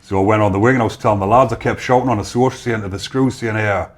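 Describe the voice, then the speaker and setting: A man's voice: on the low side, steady tone, rapid-fire. A man with a North East English accent, a podcast guest telling stories in casual chat and acting out quoted voices. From North East England. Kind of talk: casual storytelling.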